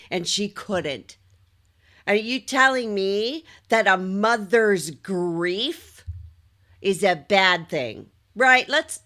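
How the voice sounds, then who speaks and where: Slow, bright-voiced indignant woman commentator. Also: on the high side. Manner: indignant ranting. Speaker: trial commentator. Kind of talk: livestream commentary.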